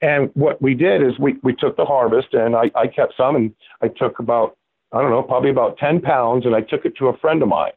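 A man's voice: medium pitch, brisk, vocal fry, slightly rough, no echo. A man in his sixties from Florida, a guest telling a rambling story with many fillers and restarts. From Florida, USA. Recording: tinny phone-like line.

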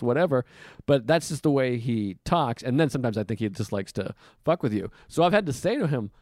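A male podcast host talking casually from a hotel room. He slips into other people's voices with sudden leaps upward. The sound is close and dry, with no room echo. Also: brisk. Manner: animated, acts out quoted people with big jumps in pitch. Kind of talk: casual chat.

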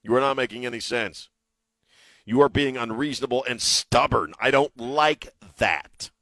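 A man voicing a stubborn, insistent chatbot, reading its lines quickly on talk radio. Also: medium pitch, pushed and bright, dry recording.

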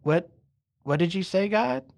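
A man's voice: a little high, animated, measured pace. A man voicing a confused, nervous believer who pleads with hesitant, stammering restarts. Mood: pleading. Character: confused, nervous, faithful man gambling on a prayer.

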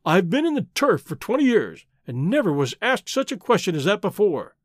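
A man's voice: high-pitched, very animated, moderate pace, no echo, studio quality. A man voicing an angry, agitated older male racehorse owner in a storybook reading, talking in a blustering, indignant way.

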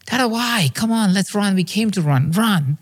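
A man's voice: sits high, animated, normal speed, husky, pitched above the performer's own voice. A man voicing his two-year-old son, eager and restless, begging in an insistent childlike whine. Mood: pleading. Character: toddler boy, eager and restless.

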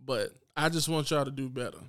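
A man's voice: mid-range voice, a little fast, a bit bright, no echo, studio quality. A man hosting a podcast, delivering a blunt, unapologetic solo rant straight to his listeners. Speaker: podcast host.

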